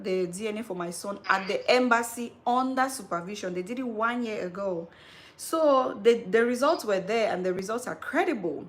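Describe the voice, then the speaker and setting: A woman in her thirties hosting a live stream, telling a personal story in an animated, chatty way. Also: fairly high pitch, slight background noise. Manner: animated storytelling, calls listener "girl". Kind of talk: casual live-stream chat.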